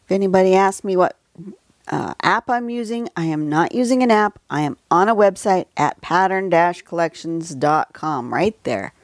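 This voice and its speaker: This drawing tutorial host speaks at a normal pace in a fairly low, expressive voice. Her casual livestream lesson is chatty and full of tangents, recorded on a phone at home, with clean studio sound and no room sound.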